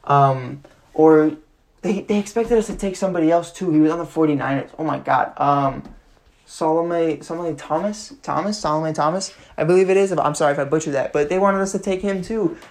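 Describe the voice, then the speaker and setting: A man's voice: fairly high pitch, fairly quick. Rambling young man ranting on a podcast. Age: about 20. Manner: rambling, ranting, many fillers and restarts. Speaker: podcast host. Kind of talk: solo sports podcast commentary.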